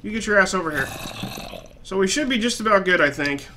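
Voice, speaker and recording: A man giving gameplay commentary, swearing a lot and flaring into loud frustrated outbursts. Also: high-pitched, lively intonation, fairly quick, a little hiss or hum. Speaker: let's play gamer.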